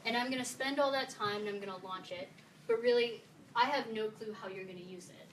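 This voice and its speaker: In a meeting room full of listeners, a woman from the Philippines delivers a relaxed, playful meetup talk and quizzes the crowd. Her mid-range voice is brisk. The mic sits at a distance, giving a roomy sound with faint ambience and a little hiss or hum.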